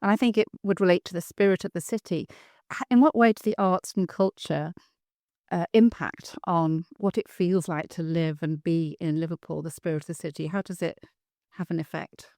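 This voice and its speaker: A woman's voice: fairly low pitch, fairly even intonation, moderate pace, a little mellow, dry recording, clean studio sound. A woman hosting a podcast, chatting in a friendly way and laughing as she shares stories. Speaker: podcast host. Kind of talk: conversational interview.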